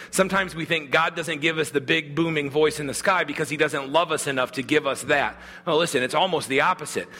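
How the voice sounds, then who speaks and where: Bright-voiced man preaching in a hall. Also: a little high, slightly rough. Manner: earnest, conversational preaching with restarts. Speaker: pastor. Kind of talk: sermon.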